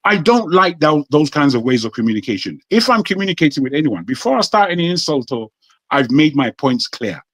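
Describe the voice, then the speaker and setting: A man's voice: fairly high pitch, sing-song, a little fast, a bit bright, no room sound. A man from Nigeria with a British accent, speaking insistently as a guest in a heated debate. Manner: indignant, insistent, repeats for emphasis. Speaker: panel guest.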